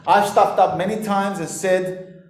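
Animated high-voiced preacher. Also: male voice, a little slow. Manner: animated, emphatic, talks straight to the listener. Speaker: pastor. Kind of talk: sermon. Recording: echoey room.

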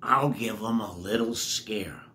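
A man's voice: on the low side, measured pace, bright, forceful tone, pitched below the performer's own voice. A man voicing a scheming little male bulldog in a storybook, sly and playful.

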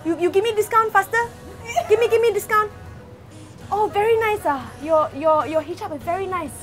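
A woman's voice: very high-pitched, expressive, extremely slow, pushed and bright, soft background music, a faint crowd, pitched above the performer's own voice, heavily acted. A woman putting on a pushy shopper haggling for a discount in broken English, ending lines with "ah".

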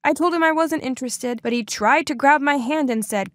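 A young woman telling a first-person story for an animated video, with expressive, dramatic delivery. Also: sits high, brisk, no echo, clean studio sound. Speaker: narrator.

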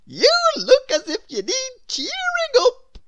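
A woman voicing a jolly male storybook creature who tickles, squeaking and giggling through his words. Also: wildly swooping pitch, slow, dull audio, full character voice. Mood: giggly.

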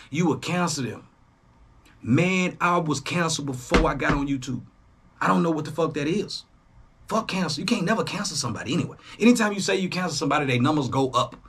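A young man, hosting a reaction channel in a casual, profane monologue that swings between loud jabs and low asides. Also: slight background noise. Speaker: YouTube reaction host.

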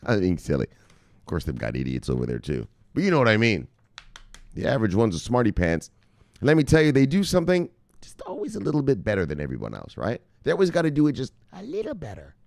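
A man's voice: on the low side, gravelly, no echo. A man hosting a crypto news show, reading headlines and riffing on them in a casual, joking, profane way. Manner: animated, profane, joking asides, reads headlines then riffs.

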